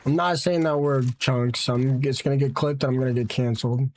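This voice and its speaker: A man's voice: mid-range voice, fairly even intonation, brisk, background noise. A young American man live-streaming a game, chatting with viewers and chanting sound effects while he plays.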